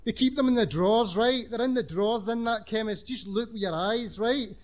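A man's voice: high voice, moderate pace, voice pushed up, close to an everyday voice. A man reading a story, voicing a cocky, streetwise teenage boy who lectures in a bossy, insistent way. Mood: lecturing.

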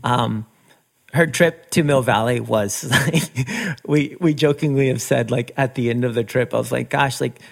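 A middle-aged man whose first language is Spanish, telling stories as a podcast guest in a lively, casual way, acting out quoted voices. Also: medium pitch, a little slow, vocal fry. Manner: animated, acts out quoted voices with laughs. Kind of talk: casual storytelling interview.

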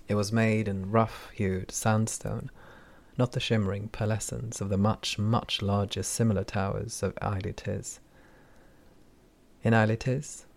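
Low gravelly male audiobook narrator. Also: a little mellow. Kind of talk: scripted fantasy narration.

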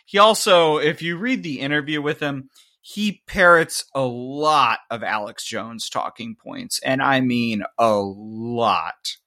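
A man's voice: mid-range voice, slow, sharp tone. A man rambling in an amused way in casual podcast chat. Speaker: podcast co-host.

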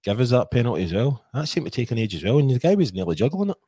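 A man's voice: medium pitch, big pitch swings, rapid-fire, dark tone, slightly rough, dry recording, clean studio sound. A Scottish man hosting a casual football podcast, chatty and full of asides. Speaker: podcast host.

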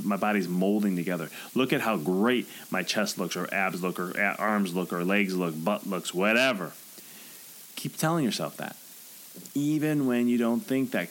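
A man's voice: lowish voice, low-quality recording. A man hosting a motivational podcast, talking earnestly and acting out the things people say to themselves. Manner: earnest, coaching, acts out inner voices. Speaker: podcast host and author. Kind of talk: motivational solo podcast talk.

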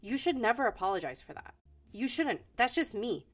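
A woman's voice: fairly high pitch, big pitch swings, moderate pace. A woman co-hosting a podcast in casual chat, blunt and frank and swearing freely. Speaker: podcast co-host.

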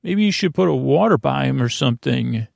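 A man's voice: mid-range voice, expressive, a little fast, vocal fry, a little mellow, dry recording. A man voicing a pampered socialite woman prisoner who talks in a sleepy, fussy, rambling way. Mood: drowsy fussing.

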